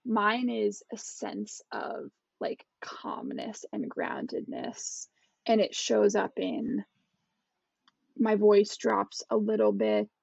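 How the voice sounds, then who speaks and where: Gravelly, husky woman, candid chat. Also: medium pitch, huge pitch swings, slow, a little mellow, no echo. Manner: candid, self-reflective, trails off and restarts. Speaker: culture expert, podcast co-host. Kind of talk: casual podcast chat. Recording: dull, lo-fi dry sound.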